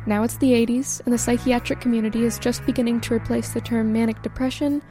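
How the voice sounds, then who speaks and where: A woman hosting a podcast, calmly reading scripted documentary narration. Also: fairly high pitch, faint music behind. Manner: calm, measured scene-setting. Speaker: podcast host.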